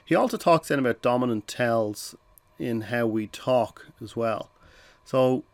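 A man hosting a podcast, explaining ideas in a relaxed, conversational way with frequent restarts and little acted-out exchanges. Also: medium pitch, measured pace. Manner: conversational, uses fillers and restarts, acts out short phone exchanges. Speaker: podcast host. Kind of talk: casual explanatory podcast talk.

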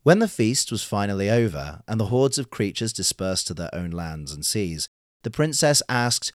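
Measured male folktale narrator, dry sound. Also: fairly low pitch, sing-song, no room sound. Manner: measured, unhurried storytelling. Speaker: storyteller.

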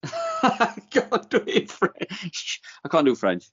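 A man on a casual podcast, talking slowly and reluctantly in a self-deprecating way. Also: high voice, huge pitch swings, breathy edge. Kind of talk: casual chat. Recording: slightly muffled recording.

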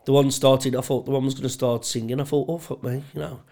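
A man's voice: medium pitch, level tone, fast, gravelly, a little mellow. A man telling sweary, laughing anecdotes as a podcast co-host in casual chat.

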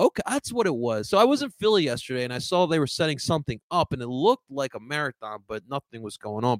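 A young man hosting a livestream sports talk show, excitable and swearing, getting fired up. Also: mid-range voice, no room sound. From first-generation American.

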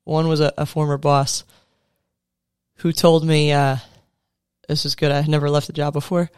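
This is a motivational talk from a thirtysomething sports coach addressing other coaches in an earnest, chatty way, with casual fillers and restarts. His voice is a little high and his delivery flat, at a normal speed. The tone is clean, and the recording is dry with clean studio sound.

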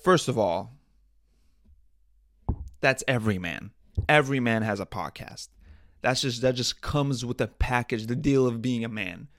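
A man's voice: medium pitch, measured pace, pauses often, a bit bright, no echo, clean studio sound. A young man hosting a casual solo podcast, telling stories in profane slang and laughing often. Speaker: podcast host.

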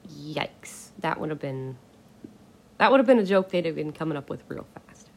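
A woman's voice: low-pitched, animated, normal speed, gravelly, a little mellow, slight background noise. A woman hosting a casual solo podcast, ranting bluntly and with exasperation, swearing casually. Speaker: podcast host.

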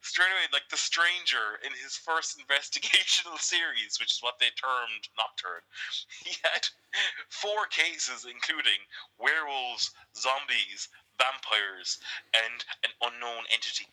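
A man co-hosting a casual podcast chat, animated and laughing, often acting out the characters he describes. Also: medium pitch, measured pace, low-quality recording. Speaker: podcast co-host.

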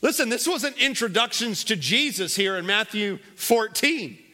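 In a church sanctuary full of long reverb, a male pastor preaches an expressive sermon at a moderate pace in a high, bright voice. Repetition drives his points, and he shifts between loud proclamations and quiet passages while the congregation echoes lines back in call-and-response.

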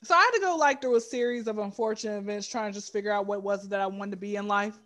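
A woman comedian telling stories in an animated, joking way, often jumping into voices. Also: racing. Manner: animated, jumps into high mimicking voices. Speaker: comedian guest. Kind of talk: comedic storytelling.

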